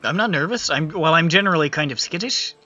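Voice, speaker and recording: A man's voice: on the high side, lively intonation, fast, bright, forceful tone, faint music behind. A man playing a skittish young male guard soldier, hesitant and stammering, slipping into an Irish lilt. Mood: nervous. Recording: dull lo-fi sound.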